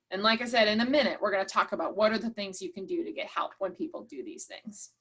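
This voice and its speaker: A woman's voice: mid-range voice, fast, hardly any pauses. A woman leading an online workshop, encouraging and reading out participants' chat replies. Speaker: workshop presenter.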